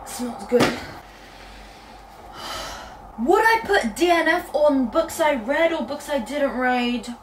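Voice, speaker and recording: A young woman from Britain chatting casually in a book vlog from her bedroom, telling stories in a lively, animated way. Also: high voice, far from the mic, slight background noise, low-quality recording. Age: young adult. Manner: chatty, quick and animated storytelling. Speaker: book vlogger. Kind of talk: casual chat.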